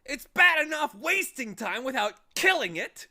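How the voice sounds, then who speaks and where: A gruff, impatient watchdog who barks out scoldings, loud and forceful, with sudden jumps in pitch, as a man reads him in a storybook. The voice is bright and sharp. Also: very animated, slow, exaggerated voice. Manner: loud, scolding, barking delivery.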